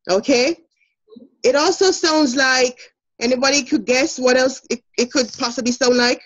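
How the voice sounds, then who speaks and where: Brisk, encouraging Jamaican woman teacher. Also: sits high, fairly even intonation, lo-fi sound. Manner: brisk, encouraging, laughs often. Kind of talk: online classroom lesson.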